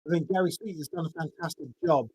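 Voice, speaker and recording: A man's voice: fairly high pitch, fast, darkish tone, husky, no echo, rough recording. An English man hosting a live fan call-in podcast, chatting in a rambling, self-interrupting way. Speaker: podcast host taking fan calls. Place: home setup, talking over a voice chat. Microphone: home microphone, sounded muffled at first.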